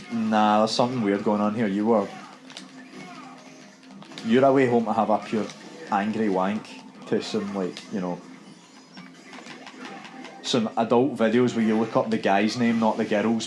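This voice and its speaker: Animated Scottish man telling a story. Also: on the low side, low-quality recording. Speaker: gaming podcast co-host. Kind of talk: casual chat, storytelling.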